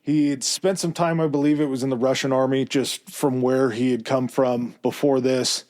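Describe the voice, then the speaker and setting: A man's voice: medium pitch, little pitch movement, normal speed, a little mellow. A man co-hosting a history podcast, telling it in a loose, conversational way with fillers and asides. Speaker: podcast co-host presenting the history. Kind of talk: casual history podcast chat.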